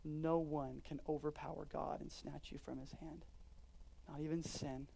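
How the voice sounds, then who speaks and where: A man in his thirties, a pastor preaching a sermon, swinging between loud emphatic declarations and quiet earnest asides. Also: fairly high pitch, little pitch movement, moderate pace, vocal fry, a little hiss or hum.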